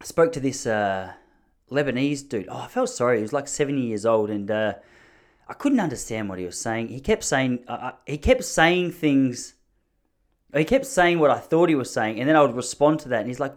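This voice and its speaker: A man's voice: mid-range voice, lively intonation, brisk. A man in his thirties with an Australian accent, hosting a podcast and telling rambling, jokey stories in a casual chat. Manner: chatty, rambling, jokey storytelling. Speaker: podcast host.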